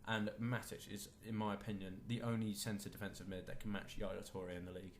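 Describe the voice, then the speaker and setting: A man's voice: on the low side, level tone, brisk, slight background noise. A man co-hosting a casual football podcast, opinionated and enthusiastic about players. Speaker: podcast co-host.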